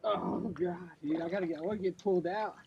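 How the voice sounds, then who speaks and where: A man, a fishing vlogger talking to camera with loud excited exclamations and free swearing, out on a lake. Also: sits high, fast, gravelly, lo-fi sound. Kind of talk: excited casual narration to camera. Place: on a boat on a lake outdoors. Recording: noisy outdoor lake audio.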